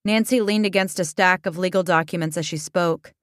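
Deadpan woman reading a story. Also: lowish voice, fairly quick, no echo, studio quality. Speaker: narrator. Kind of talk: reading a comic story aloud.

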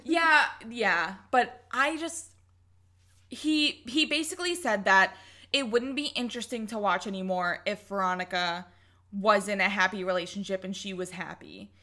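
Bright-voiced young woman ranting. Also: medium pitch, normal speed. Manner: heated, ranting, swears often. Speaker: podcast co-host. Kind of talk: casual podcast chat.

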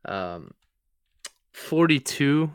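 A man talks through his picks in a loose, conversational way, his voice smooth and clear. The sound is close and dry, with no room behind him. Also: medium pitch, big pitch swings, extremely slow, no echo. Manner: loose and conversational, ranking favorites with easygoing asides. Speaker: podcast co-host. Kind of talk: casual sports podcast chat.

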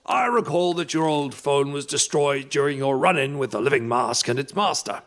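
An actor playing an eccentric old professor who speaks formally and self-assuredly. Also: male voice, medium pitch, animated, moderate pace, fairly bright tone. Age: older. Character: eccentric old male professor, calm and pompous.

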